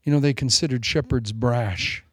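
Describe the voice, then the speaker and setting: A man in his forties preaching a sermon, animated and joking, with self-mocking asides. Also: mid-range voice, moderate pace, no echo, clean studio sound. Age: 40s. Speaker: pastor.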